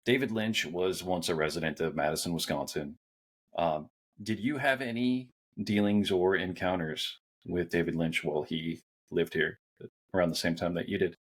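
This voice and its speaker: A man's voice: low-pitched, normal speed, breathy edge. A man, a guest on a podcast, curiously asking another guest questions. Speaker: guest, Wisconsin folklore writer. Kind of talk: casual interview chat.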